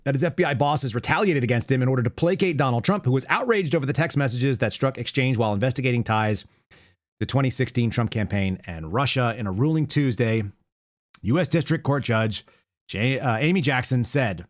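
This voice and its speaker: A quick, rapid-fire man in his thirties runs a political commentary show. He talks with a sarcastic edge and tells his stories with plenty of animation. His voice sits at a middling pitch. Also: expressive. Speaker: podcast host.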